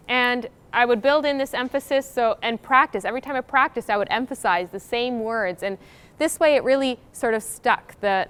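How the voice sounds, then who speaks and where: Smooth young woman co-presenting a workshop. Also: a little high, a bit bright. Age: young adult. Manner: casual, uses fillers like sort of. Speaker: graduate student co-presenter. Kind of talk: workshop explanation. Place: university workshop room.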